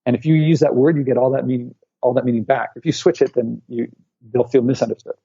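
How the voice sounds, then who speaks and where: A man's voice: mid-range voice, fast talker, gravelly, husky, dry recording. A man in his forties, an author speaking as a guest in an interview, telling stories and acting out what people said, heard over dull lo-fi call audio. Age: 40s. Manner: animated storyteller who acts out quotes. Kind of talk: conversational interview storytelling. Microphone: remote call line.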